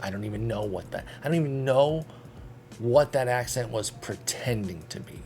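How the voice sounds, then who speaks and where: A man's voice: mid-range voice, animated, moderate pace, darkish tone, soft background music. A man casually commenting on a baseball management game, thinking aloud in a chatty, self-deprecating way. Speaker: video game streamer.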